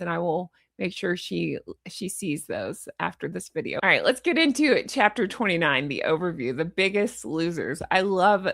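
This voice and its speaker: A woman's voice: mid-range voice, gravelly, a bit bright, dry recording, clean studio sound. A woman hosting her channel, talking through a book recap in a casual, playful way and laughing often. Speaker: channel host.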